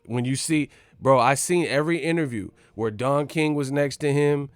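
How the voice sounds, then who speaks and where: A man hosting a boxing channel, giving brash, animated commentary full of swearing. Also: mid-range voice, moderate pace, clear, resonant tone, no room sound. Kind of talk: casual profane commentary.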